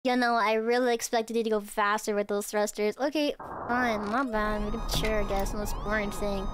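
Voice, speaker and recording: A woman streamer giving excitable, giggly game commentary, often stammering and shouting. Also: mid-range voice, moderate pace. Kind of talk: game let's-play commentary. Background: game music.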